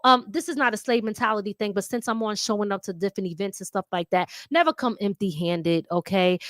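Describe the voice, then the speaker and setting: A middle-aged woman from Philadelphia with a mixed Philadelphia and New York accent, hosting a talk show in a blunt, slangy, animated monologue full of laughter. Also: medium pitch, no echo, studio quality. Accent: mix of Philadelphia and New York. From Philadelphia, USA. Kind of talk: casual monologue to viewers.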